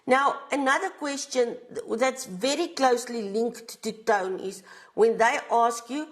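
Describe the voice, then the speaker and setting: South African woman, fairly high voice, patient revision teacher who keeps checking in with students. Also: takes it slowly. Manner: explains step by step, often checking with "right?". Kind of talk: exam revision lesson.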